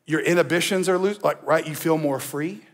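A man's voice: on the high side, normal speed. A male pastor preaching a sermon in a conversational, emphatic way, with asides to the congregation. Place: church.

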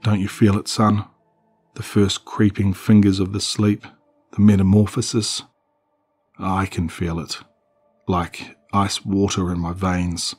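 A man's voice: sits low, little pitch movement, measured pace, a little mellow, breathy edge, soft background music. Man doing a grim, fatalistic father.

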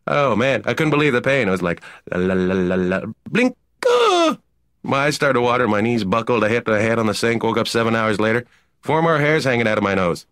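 A man as a deadpan, fast-talking comedian patient. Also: mid-range voice, dry recording, close to an everyday voice. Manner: rambling, absurd deadpan storytelling. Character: offbeat male comedian patient. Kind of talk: stand-up comedy monologue.

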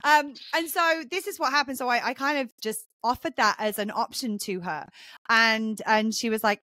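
A woman's voice: a little high, normal speed, sharp tone, no room sound. A woman hosting a podcast, explaining earnestly in a casual conversational way, with frequent fillers and restarts. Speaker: podcast host and mentor.

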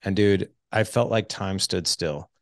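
A man in his forties, a podcast guest telling his story in casual conversation, animated and acting out quoted dialogue. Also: low voice, a little slow, no echo. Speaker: podcast guest, fatherhood coach.

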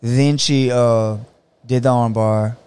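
Smooth-voiced jiu-jitsu coach telling stories. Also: male voice, medium pitch, takes it slowly. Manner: animated storytelling, acts out other people's words. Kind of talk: casual podcast conversation.

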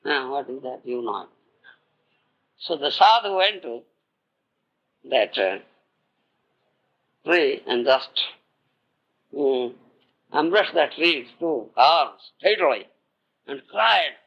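A man with an Indian English accent tells a devotional story as a spiritual teacher. He speaks slowly in a gravelly, husky voice and keeps checking that his listeners follow. The old tape is dull and lo-fi. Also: a little high, very animated.

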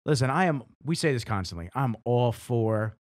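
A man's voice: medium pitch, lively intonation, moderate pace, no echo. Man hosting a podcast, joking. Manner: joking, talkative. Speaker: podcast host. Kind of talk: casual chat.

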